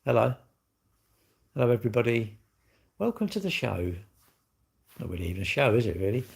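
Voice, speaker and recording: A middle-aged English man hosts a casual live stream, bantering cheekily with his chat in a rambling, jokey way. His medium-pitched voice is gravelly and husky, very animated, and a little fast.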